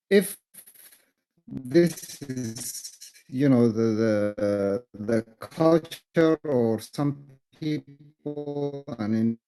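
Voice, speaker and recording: A man speaking in a group discussion, measured and thoughtful, with many fillers and repeated words. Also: medium pitch, dark tone, rough recording. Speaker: speaker in a live audio discussion.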